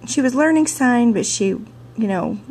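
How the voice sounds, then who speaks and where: A woman who teaches sign language and theater, telling a personal story in a lively, chatty way full of "you know", recorded on a camcorder mic. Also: on the high side, measured pace, breathy edge. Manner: animated, chatty, laughs often, many "you know" fillers. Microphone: handheld camcorder mic.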